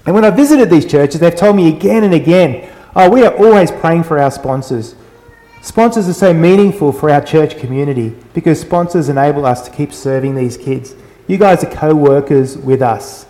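An earnest, middle-aged man delivers a conversational sermon. His voice sits a little high but sounds mellow and relaxed. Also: brisk, rough recording. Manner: earnest, conversational preaching with anecdotes. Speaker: preacher.

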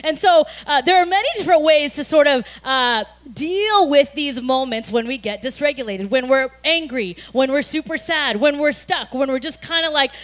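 A woman pastor giving a sermon in a conversational storytelling way, animated at times and full of "you know" and "like". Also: sits high, a little fast. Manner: frequent fillers like "you know" and "like".

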